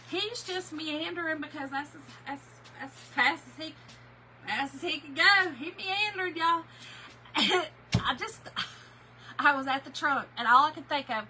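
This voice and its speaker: A woman's voice: high-pitched, moderate pace, bright, forceful tone, slight background noise, rough recording. A woman, telling an emotional story in a chatty way while she crafts on a livestream, and she tears up easily.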